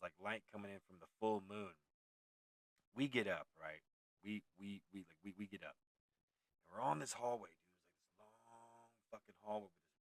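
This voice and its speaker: A California man around forty tells a haunted story in a laid-back, profane, rambling manner, full of tangents and self-corrections. His voice is lowish with a fairly bright tone, and there's no echo.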